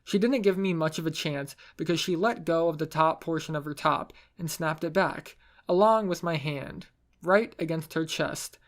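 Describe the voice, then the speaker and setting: A man's voice: fairly high pitch, moderate pace. A man narrating a first-person story in a wry, self-mocking way.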